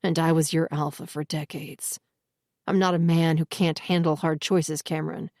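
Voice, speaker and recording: A woman voicing a rough, hushed old wolf alpha. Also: on the high side, level tone, moderate pace, dry recording, studio quality, natural voice. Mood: angry grief. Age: older. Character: grieving older male werewolf, former alpha.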